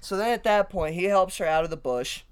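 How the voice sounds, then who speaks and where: Animated, laughing man telling a story. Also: sits high, a little fast, smooth. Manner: animated, laughing storyteller who swears a lot. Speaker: podcast co-host. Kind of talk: casual storytelling chat.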